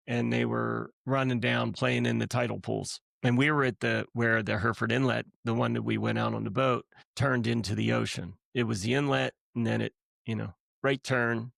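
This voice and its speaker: A middle-aged man, a guest on his wife's podcast, telling a personal story in a casual, lively way and acting out what people said. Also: mid-range voice, vocal fry, dry recording, studio quality. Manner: lively storyteller who acts out quotes. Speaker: guest, the host's husband.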